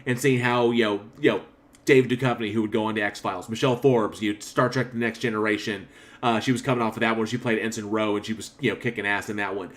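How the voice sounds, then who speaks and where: A man's voice: lowish voice, steady tone, fast talker. A man co-hosting a horror film podcast, talking in a loose, rambling way with frequent swearing and laughter. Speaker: podcast co-host. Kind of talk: casual film review chat.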